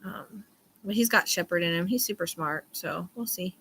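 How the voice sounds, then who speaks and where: A woman's voice: fairly low pitch, normal speed, sharp tone, slight background noise. A woman in her thirties chatting casually on a livestream, rambling and swearing now and then. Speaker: livestream host.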